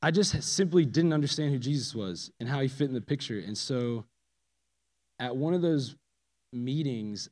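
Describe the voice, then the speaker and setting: A man's voice: medium pitch, normal speed. Man testifying in a reverberant hall. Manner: casual and animated, swinging from loud emphasis to hushed asides. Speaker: speaker giving a personal testimony. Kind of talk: spoken testimony to a church audience. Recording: long reverb of a large hall.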